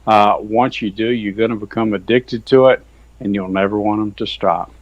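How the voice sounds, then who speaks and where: A man's voice: lowish voice, steady tone, moderate pace, no room sound. A man speaks over a video call as a guest author, earnest and folksy. He rambles through his story, sprinkling in "you know" and "yes, sir". The audio is dry and a bit lo-fi, as over a weak internet link. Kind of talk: earnest testimony in casual chat.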